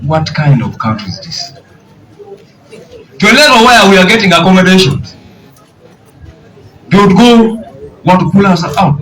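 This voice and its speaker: A man's voice: high voice, lively intonation, normal speed, long pauses, a bit bright. A man with a Ugandan English accent, a party official speaking indignantly at a press conference with rhetorical questions. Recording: distant mic, faint outdoor ambience.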